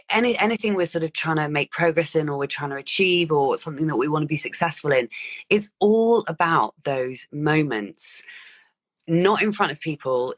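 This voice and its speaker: A woman co-hosting a podcast in casual reflective chat, thoughtful and rambling, with many small fillers. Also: low voice. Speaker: podcast co-host.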